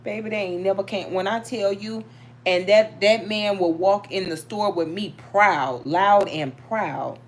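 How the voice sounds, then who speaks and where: A middle-aged woman hosting a live chat, telling stories in a lively, animated way and talking straight to her viewers. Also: medium pitch, measured pace, slight background noise. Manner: animated, storytelling, talks to viewers. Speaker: livestream host reading tarot.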